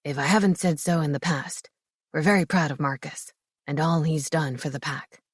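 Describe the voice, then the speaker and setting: A woman's voice: deep voice, steady tone, normal speed, husky, no echo, clean studio sound, pitched below the performer's own voice. A woman voicing a proud older male pack leader giving a speech about his son. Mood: proud, joking.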